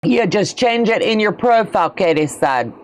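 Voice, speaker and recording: A woman's voice: medium pitch, expressive, normal speed. A middle-aged woman, hosting a casual quilting livestream in a chatty, folksy way while answering viewer comments. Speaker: quilting channel host.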